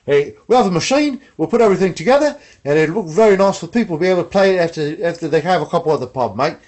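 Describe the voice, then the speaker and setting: A man voicing a cheery British guitar workshop man in a mock British-Australian accent, a bit higher than his own voice. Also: lively intonation, racing, a little mellow, lightly acted. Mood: breezy.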